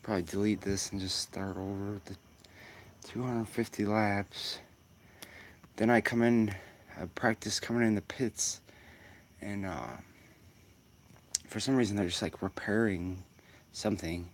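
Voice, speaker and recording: Deep-voiced man rambling over sim racing. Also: steady tone, measured pace, long pauses. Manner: rambling, filler-heavy musing. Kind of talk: casual gameplay commentary.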